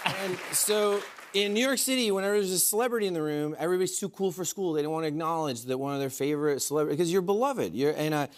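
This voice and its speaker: A man's voice: a little high, fast talker, few pauses, a faint crowd. A man who is a guest comedian, telling rambling, self-deprecating stories on a talk show with many fillers.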